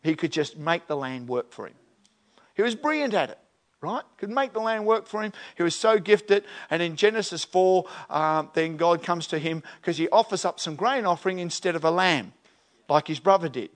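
Aussie pastor guy preaching, fairly high voice, animated, chatty. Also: moderate pace. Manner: animated, acts out voices and questions. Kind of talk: conversational sermon.

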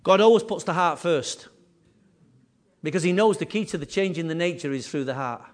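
Guy preaching, high voice, punchy repeats, chatty asides. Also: brisk. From England. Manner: animated preaching with repetition and asides. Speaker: pastor. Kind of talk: sermon.

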